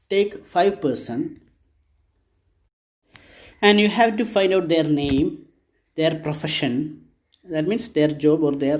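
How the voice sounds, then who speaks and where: A man with an Indian English accent teaching a school English lesson, explaining slowly, repeating words and checking whether students understand. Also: on the high side, a little mellow. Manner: slow, repetitive, checks understanding with "okay? is it clear?".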